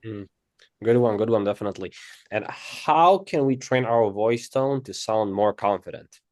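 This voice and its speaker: A man's voice: on the low side, moderate pace, a little mellow, no echo. Male interviewer, dry close sound. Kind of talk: interview questions.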